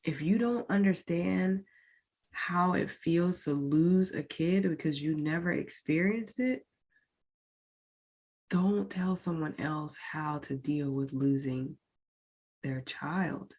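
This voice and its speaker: Low, slow-talking woman telling her story. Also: a little mellow. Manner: candid, emotional, addresses listeners directly. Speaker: podcast host. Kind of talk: personal storytelling.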